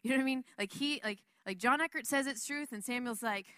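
A woman's voice: fairly high pitch, fast talker, bright, forceful tone, dry recording, clean studio sound. A woman giving a casual Bible teaching in a chatty, rambling way, laughing often.

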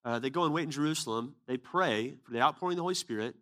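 A man delivers a sermon through relaxed personal storytelling. His tone is conversational and unpolished, turning earnest and emphatic as he drives home his message. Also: medium pitch, very fast. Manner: casual, conversational retelling with quoted dialogue. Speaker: preacher.

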